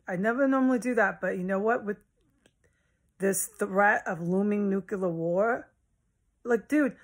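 Vlogging from inside her house, a woman with a mid-range, slightly bright voice delivers a rambling, agitated monologue. She swears often and jumps from topic to topic.

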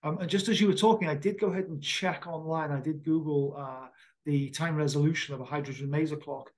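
Man, middle-aged, astronomer, casual chat, enthusiastic, explanatory, fairly high voice. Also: fairly even intonation, a little fast, rough recording. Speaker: astronomer and former program manager. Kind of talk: casual conversation.

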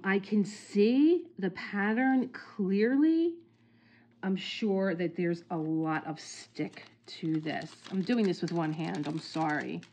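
A woman filming a casual unboxing vlog at home on a phone set on a tripod. She speaks at a slow, unhurried pace, excited and gushing, often dropping into soft exclamations. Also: lowish voice. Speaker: crafting channel host.

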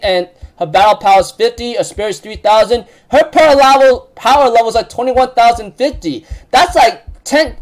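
High-voiced man rambling through a recap. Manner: rambling, filler-heavy, laughs often. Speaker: recap host. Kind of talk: casual spoken recap.

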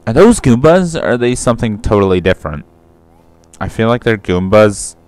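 A man's voice: fairly low pitch, big pitch swings, moderate pace, a little mellow, no echo. A young man doing casual let's-play commentary, rambling, swearing freely and correcting himself mid-sentence. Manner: rambling, profane, self-correcting.

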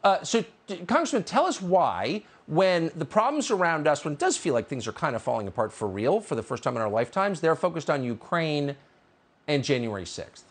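Husky-voiced sardonic news host, man. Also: fairly high pitch, big pitch swings, brisk. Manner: sardonic, incredulous, mocking asides. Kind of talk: cable news interview.

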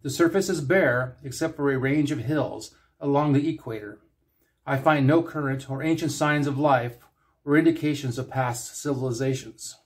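Man doing a calm precise alien officer. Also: mid-range voice, normal speed, close to an everyday voice. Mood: dry. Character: calm logical male alien science officer.

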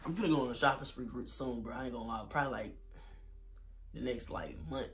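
A young man, telling a story in a casual vlog, animated and slangy, getting loud when he quotes himself. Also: mid-range voice, fast, a little hiss or hum. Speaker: vlogger.

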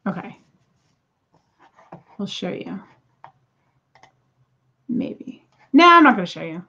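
A woman's voice: medium pitch, very animated, slow, vocal fry, pushed and bright, breathy edge, dull audio. A woman in her thirties chatting casually to viewers while unboxing crystals, exasperated and talkative. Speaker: crystal seller.

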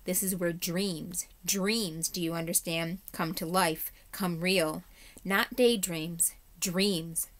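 A woman voicing a wild-eyed, terrified stranger man who pleads and shouts warnings in a storybook reading. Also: high voice, steady tone, slow. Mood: furious.

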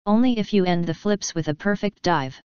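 A woman voicing a sassy, quick-witted young woman with sarcastic banter. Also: medium pitch, a little mellow, clear, resonant tone, no room sound, natural voice. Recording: dry, slightly dull studio recording.

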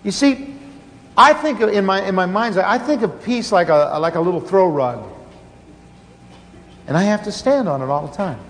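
Male pastor, high voice, earnest storytelling sermon with restarts, conference hall echo, faint hiss. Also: lively intonation, moderate pace, pauses often, a bit bright.

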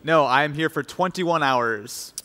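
A man's voice: fairly high pitch, unhurried, bright, forceful tone. A man who makes videos, visiting as a panel guest and chatting on stage in an easygoing, wry way. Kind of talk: casual stage chat. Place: large conference hall. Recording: reverberant conference hall.

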